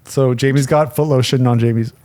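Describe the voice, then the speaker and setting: A young man co-hosting a casual film podcast, with a voice of ordinary pitch. He muses on a film in a relaxed, reflective way, often pausing on "like". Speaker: podcast co-host.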